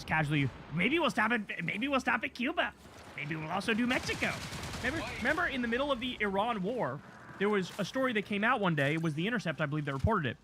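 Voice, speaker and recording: A man with a high-pitched voice rants through political news on a livestream, fiery and sarcastic, dropping curses freely. The audio is noisy, with a steady hiss behind him. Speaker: news commentary host.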